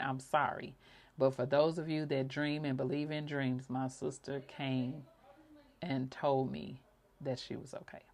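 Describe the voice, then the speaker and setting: A woman's voice: sits low, gravelly. A woman hosting a podcast, telling heartfelt personal stories with bursts of laughter. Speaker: podcast host. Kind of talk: personal reflective monologue.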